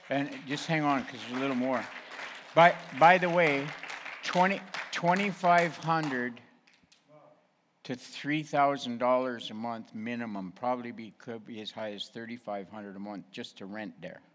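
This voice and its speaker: A man's voice: medium pitch, moderate pace, background noise. A middle-aged man, a pastor, talking plainly and frankly in a casual ministry talk and asking his listeners directly.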